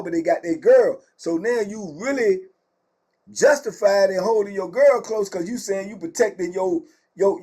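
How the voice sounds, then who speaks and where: A middle-aged man telling prison stories in casual, slangy speech, animated and acting out what people said. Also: high-pitched. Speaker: storyteller host. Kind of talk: casual prison story time.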